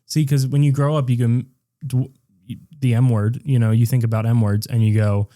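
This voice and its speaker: A man's voice: mid-range voice, level tone, brisk, dark tone. A man co-hosting a podcast, casually and crudely recapping a movie and acting out characters' lines. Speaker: podcast co-host.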